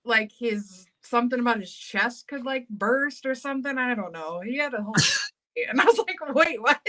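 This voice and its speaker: A woman's voice: on the high side, measured pace. A woman in casual chat, telling funny work stories with frequent laughter. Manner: laughs often, animated and giggly.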